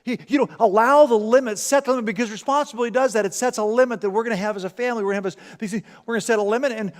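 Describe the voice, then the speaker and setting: Guy pastor preaching, kinda high voice, lively, echoes round a big church. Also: racing, few pauses. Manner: animated, acts out parent and commercial voices, repeats words. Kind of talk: sermon. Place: church sanctuary.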